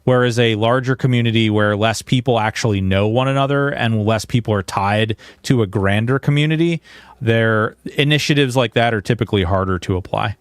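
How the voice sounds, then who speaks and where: A man's voice: on the low side, fairly quick, clear, resonant tone, no echo. A man streaming a video game, talking in an earnest, rambling way into a headset. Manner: earnest, rambling, with many restarts. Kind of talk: livestream chat and game commentary.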